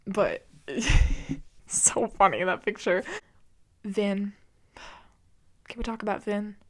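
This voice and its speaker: A woman hosting a podcast, ranting casually and with disbelief about a video game, laughing often and swearing freely. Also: mid-range voice. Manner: incredulous, exasperated, laughs often. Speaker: podcast host.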